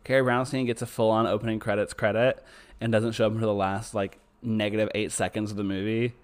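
A man co-hosting a podcast in casual chat, excitable, swearing and trailing off mid-sentence. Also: lowish voice, quick pace, smooth. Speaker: podcast co-host.

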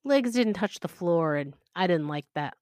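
A woman reading aloud the clipped, flat lines of an odd, terse young man. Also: fairly low pitch, normal speed, dry recording, studio quality, close to an everyday voice.

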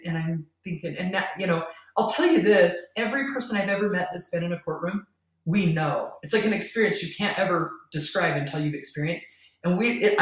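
A middle-aged woman, a podcast guest, earnestly telling a personal story and laughing between lines. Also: low voice. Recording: roomy, distant from the mic.

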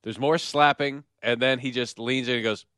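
A man hosting a casual sports podcast over a video call, playful and quick to laugh while replaying radio clips. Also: medium pitch, steady tone, a bit bright, clear, resonant tone, no room sound, studio quality. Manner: playful, laughs, mimics announcer. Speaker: podcast host. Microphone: remote video call.

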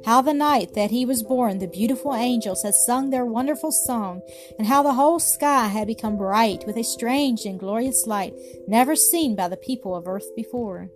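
A woman's voice: on the high side, moderate pace. Woman narrating a children's story. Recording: music playing behind.

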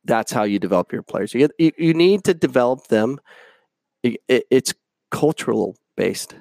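A man's voice: medium pitch, animated, normal speed, creaky, darkish tone, dry recording. A man hosting his own show, delivering an opinionated, emphatic rant full of fillers. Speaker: podcast host. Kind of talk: casual rant.

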